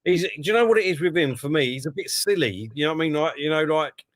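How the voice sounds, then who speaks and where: A man's voice: on the high side, animated, fast, dry recording. A man co-hosting a live stream, chatting casually and tagging his sentences with "you know what I mean". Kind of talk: casual chat.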